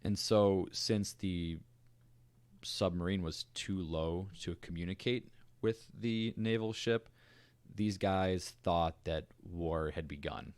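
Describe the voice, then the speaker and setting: Very deep-voiced man on a podcast. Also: takes it slowly, clear, resonant tone, no echo. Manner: relaxed and conversational, with fillers and asides. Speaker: podcast co-host. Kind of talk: casual storytelling chat.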